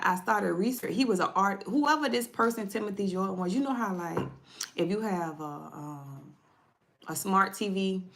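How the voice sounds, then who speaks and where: A woman's voice: lowish voice, creaky, fairly bright tone. A woman tarot reader telling a personal story to viewers in a casual livestream, chatty and repetitive, often addressing her audience directly. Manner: chatty, repeats herself, speaks directly to viewers.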